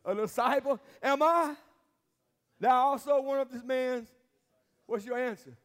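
A man with a strikingly high voice delivers a sermon as pastor. He drives call-and-response with his congregation and repeats key phrases for emphasis. The sound carries the long reverb of a church sanctuary. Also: unhurried.

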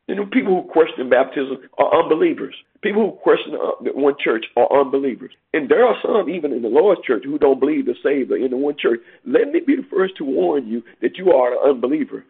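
A male preacher delivers an emphatic sermon in a gravelly, husky voice. He repeats phrases and jumps up in pitch to drive home his warnings. The sound is a tinny, phone-like radio broadcast. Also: expressive, fairly quick, hardly any pauses. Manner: emphatic, repeats phrases, swings from low to high pitch when stressing points.

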